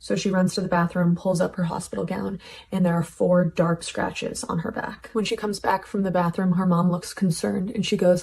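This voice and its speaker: A young adult woman telling a spooky story in a steady, even manner. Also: on the low side, normal speed, creaky, husky.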